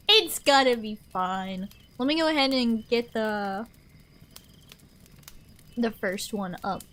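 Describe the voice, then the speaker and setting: Woman, streamer, high bright voice, unhurried, chatty and rambling. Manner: chatty, rambling, answers chat aloud. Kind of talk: casual chat with a live stream audience.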